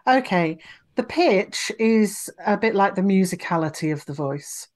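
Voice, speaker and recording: Woman, voice coach guest on a podcast interview; expressive, explanatory delivery. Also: mid-range voice, a little slow. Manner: expressive, demonstrates vocal examples.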